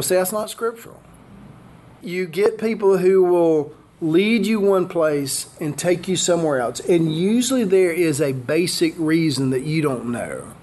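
A man's voice: sits high, a little mellow. An older man preaching a sermon as pastor, driving his points home with repeated rhetorical questions.

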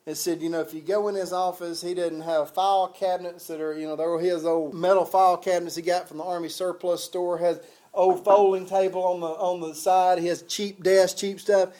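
A man's voice: sits high, level tone, fairly quick, dark tone. Man preaching a folksy sermon. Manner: conversational, folksy asides with chuckles.

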